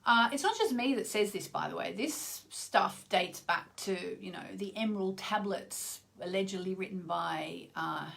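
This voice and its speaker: Woman astrologer, vlog host, chatty and rambling, lots of gravel in the voice. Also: fairly low pitch, a bit bright. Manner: chatty, rambling, many asides. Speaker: astrologer hosting her own channel. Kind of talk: casual spoken vlog.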